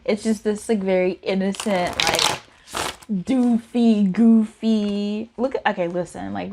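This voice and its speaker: A woman's voice: mid-range voice, noisy background. A woman giving a casual tarot reading in a chatty, giggly, playful way. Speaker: tarot reader.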